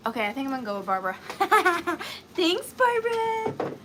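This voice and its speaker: A woman's voice: on the high side, very animated, quick pace, sharp tone, slight background noise. A woman hosting a live online sale, chatting casually with viewers in a giggly, joking way. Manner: chatty and giggly, jokey asides.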